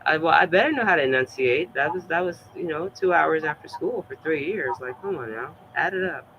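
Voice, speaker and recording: A man's voice: a little high, animated, a little fast, dull audio, a little hiss or hum. A man streaming, chatting in a loose, rambling way with many fillers and bursts of laughter. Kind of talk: casual rambling chat.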